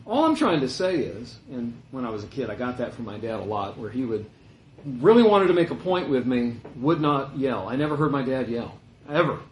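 A middle-aged man preaching a sermon in a conversational, storytelling way, dropping to a hush and rising again. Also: medium pitch, very animated, normal speed, echoey room, slight background noise, poor audio. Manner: conversational, anecdotal, shifts between loud and hushed.

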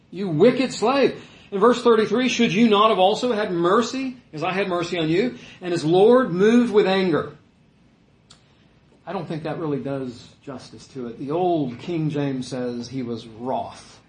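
A man's voice: fairly high pitch, echoey room, low-quality recording. A male pastor preaching a sermon in a conversational way, rising to emphatic peaks.

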